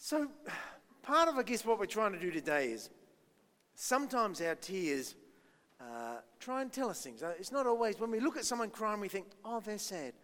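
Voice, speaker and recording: Pastor, male, high voice, friendly children's talk with questions, long church reverb. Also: sing-song, moderate pace, fairly bright tone. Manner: chatty, self-deprecating, asks the children questions.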